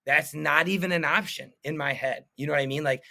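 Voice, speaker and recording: A man's voice: on the high side, brisk, vocal fry, pushed and bright. Earnest rambling man, podcast guest. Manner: earnest, rambling, filler-heavy. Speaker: painting business owner, podcast guest. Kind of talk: casual interview chat.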